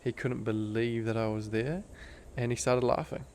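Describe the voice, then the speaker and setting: A man's voice: medium pitch, little pitch movement, normal speed, a little mellow. A young man, a podcast guest, telling a personal story in an earnest, intense way, full of "like" fillers. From Australia. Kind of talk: casual storytelling interview.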